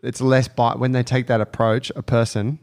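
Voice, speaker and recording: A man's voice: mid-range voice, little pitch movement, normal speed, a little mellow, smooth. A man co-hosting a podcast, making points emphatically and thinking aloud in casual chat. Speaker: podcast co-host.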